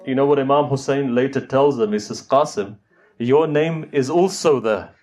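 This middle-aged preacher has a mid-range, slightly mellow voice and speaks at a normal speed. He recites an emotional majlis sermon, recounting a sorrowful tale and appealing to his listeners as his voice climbs.

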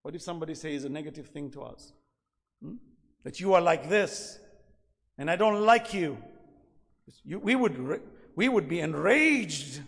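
Guy preaching a sermon, goes loud then drops real soft, reverby hall. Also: a little high, animated, moderate pace, gravelly, pauses often. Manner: impassioned, swings between loud emphasis and soft asides.

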